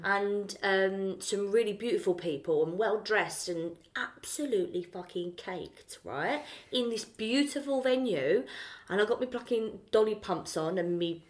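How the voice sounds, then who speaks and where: A woman with a Cockney accent, co-hosting a casual podcast chat, telling lively stories and swearing freely. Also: medium pitch, a little slow. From South East London. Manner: animated storyteller, swears freely, acts out her own thoughts. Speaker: podcast co-host.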